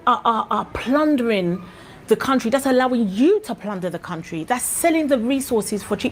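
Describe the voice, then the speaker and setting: A woman with a Ghanaian accent speaks on her vlog with passionate indignation. Her voice is a touch high, she stumbles and restarts as she talks, and faint noise sits beneath her. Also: lively intonation, normal speed. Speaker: vlogger. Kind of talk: impassioned commentary vlog.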